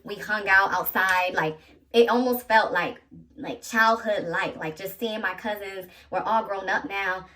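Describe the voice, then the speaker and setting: A woman in her thirties telling a personal story to her viewers in an animated, chatty way, talking straight to them. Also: mid-range voice, unhurried, distant mic. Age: 30s. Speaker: vlogger.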